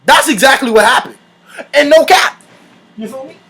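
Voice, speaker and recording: A young man hosting his own channel, telling a story in casual storytime style, animated and full of slang, often breaking into laughs. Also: very high-pitched, moderate pace, breathy edge. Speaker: channel host.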